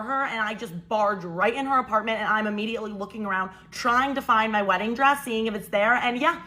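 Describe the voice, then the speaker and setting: A young woman speaks straight to her listeners in a casual storytime monologue. Her voice is bright and a little high. She talks in an animated, incredulous way. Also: a little fast, few pauses, slight background noise, low-quality recording. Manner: animated, incredulous, quotes people in changed voices.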